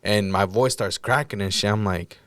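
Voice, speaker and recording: Low, smooth man telling a story bluntly. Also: moderate pace, dry recording. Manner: blunt, profane, acts out his own shouting. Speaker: podcast guest recounting a crisis. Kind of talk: casual storytelling.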